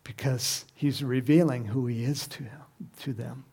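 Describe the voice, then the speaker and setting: A man preaching a sermon, animated, who acts out the crowd's shouts and reads scripture aloud. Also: medium pitch, unhurried, husky. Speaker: pastor.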